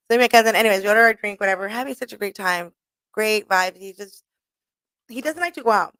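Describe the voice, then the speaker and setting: A young woman tells a rambling, profane story on her talk radio show, laughing as she goes. Her voice sits at a middle pitch. The sound is dry and close, with no room around it. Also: brisk, dry recording. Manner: profane, laughing, animated retelling. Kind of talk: casual storytelling monologue.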